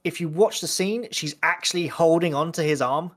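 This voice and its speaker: A man's voice: fairly high pitch, normal speed, dry recording, studio quality. A man co-hosting a horror podcast, chatting casually and animatedly, often acting out scenes. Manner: animated, rambling, acts out scenes. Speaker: podcast co-host. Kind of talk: casual film-review chat.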